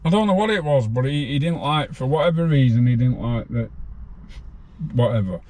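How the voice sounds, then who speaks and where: A man's voice: mid-range voice, lively intonation, fairly quick, a little mellow. An older man from northern England, a guest telling stories from his time in prison in a blunt, casual way, swearing freely. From Farnworth, northern England. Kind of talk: casual storytelling interview.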